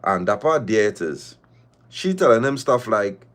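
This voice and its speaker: A man hosting a livestream, reading viewer confessions aloud and reacting with drawn-out exclamations and slang. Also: fairly low pitch, expressive. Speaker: livestream host.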